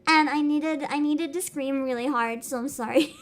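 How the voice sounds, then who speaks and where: A young adult woman streaming live, ranting loudly with swearing and laughter while greeting her chat. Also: high voice, steady tone, normal speed. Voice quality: avatar anime streamer voice. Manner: loud, laughing, swearing rants.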